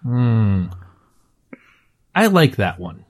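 Slow, sing-song male panelist. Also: mid-range voice, very animated.

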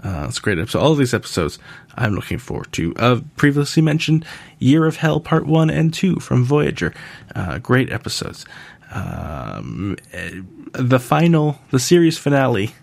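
Podcast host, American man, low gravelly voice, lively delivery, dry jokey asides. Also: normal speed, no echo. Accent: General American. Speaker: podcast host answering listener questions. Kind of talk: casual listener Q&A.

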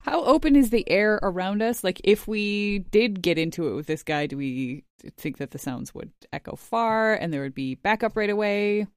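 A woman's voice: mid-range voice, animated, normal speed, hardly any pauses, clean tone, dry recording, clean studio sound. A woman playing a tabletop game who asks practical questions and plans the party's next move. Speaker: player.

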